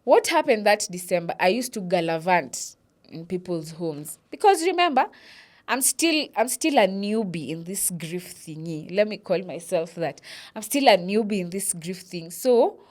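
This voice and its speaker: Animated Kenyan woman telling her story. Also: fairly low pitch, moderate pace. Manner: animated, mixes English with Swahili, acts out quotes. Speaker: vlogger. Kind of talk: personal storytelling monologue.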